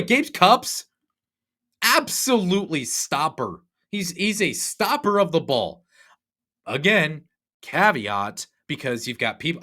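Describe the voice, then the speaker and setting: A young man hosting a sports podcast, ranting in an animated, sarcastic, exasperated way. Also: fairly high pitch. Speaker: podcast host. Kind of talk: opinionated sports podcast rant.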